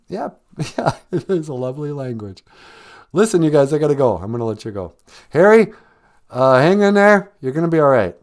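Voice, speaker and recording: A man's voice: medium pitch, sing-song, moderate pace, a little mellow. A man hosting a comic call-in sketch, laid-back and chuckling. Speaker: comedy show host.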